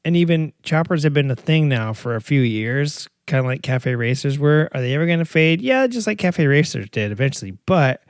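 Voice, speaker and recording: A man's voice: a little high, sing-song, a little fast, few pauses, clear, resonant tone, dry recording, clean studio sound. A middle-aged man hosting a podcast in a casual, rambling monologue, joking and poking fun at himself, with many fillers and restarts. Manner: joking, self-mocking, lots of fillers and restarts. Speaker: podcast host.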